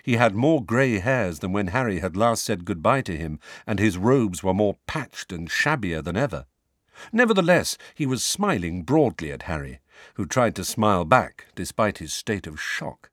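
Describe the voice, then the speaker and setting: A man narrates an audiobook in an expressive storytelling manner. His voice is fairly low and moves through a wide, lively range of pitch. The recording is dry and close, with no room echo. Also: normal speed.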